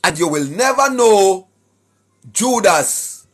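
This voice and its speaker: A Jamaican man giving a preachy monologue to his viewers, emphatic, often shouting, tagging his points with questions. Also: high voice, animated, slow pace, soft background music. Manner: emphatic, often shouting, tags lines with "right?". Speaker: online commentator.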